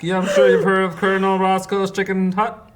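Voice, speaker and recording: A man voicing a smooth-talking Southern male chicken tycoon in an exaggerated, slow, flirtatious drawl. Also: high-pitched, little pitch movement, close to an everyday voice. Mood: boastful.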